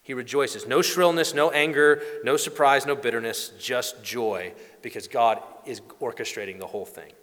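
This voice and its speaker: A man preaching a sermon, telling the story with animated asides and acted-out voices. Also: mid-range voice, moderate pace, few pauses. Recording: long hall reverb.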